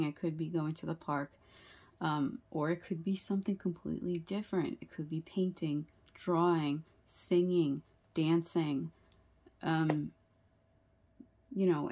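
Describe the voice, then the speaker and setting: A woman's voice: low voice, warm tone, husky. A woman giving a tarot reading to her viewers, earnest and sympathetic, often asking "right?" and using fillers. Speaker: tarot reader.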